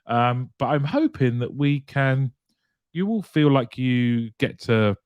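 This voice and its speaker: A man's voice: medium pitch, animated, slow pace, clear, resonant tone, no echo, highs cut off. A man hosting a casual live show, greeting viewers one by one and laughing lightly as he chats. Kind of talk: casual live-stream chat, reading viewer comments aloud.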